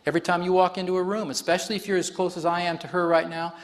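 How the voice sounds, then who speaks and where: A man's voice: high voice, little pitch movement, racing. A man facilitating a live workshop demonstration on stage before an audience, explaining in a chatty way and laughing often.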